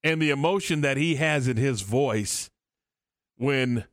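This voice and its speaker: A man's voice: medium pitch, a little slow, a bit bright, dry recording, studio quality. A man hosting a sports radio show, talking casually and rambling with frequent restarts. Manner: rambling, many restarts and fillers.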